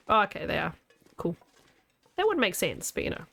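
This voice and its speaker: A woman's voice: lowish voice, huge pitch swings, brisk, gravelly, long pauses, a bit bright. A woman game streamer chatting casually with her viewers as she plays, playful and laughing often. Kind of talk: casual chat while playing a video game.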